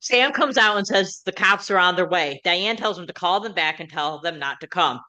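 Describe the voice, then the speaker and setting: A woman hosting a rewatch show, hard of hearing, recapping plot in quick run-on sentences. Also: on the low side, lively intonation, pushed and bright. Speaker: podcast host. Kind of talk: episode recap and casual chat.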